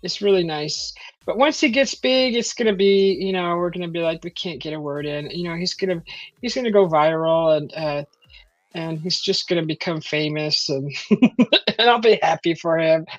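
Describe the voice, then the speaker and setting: A woman's voice: on the low side, moderate pace, no room sound. A woman hosting a casual live stream from home, reading out chat messages and rambling with many fillers and restarts. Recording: dull lo-fi stream audio.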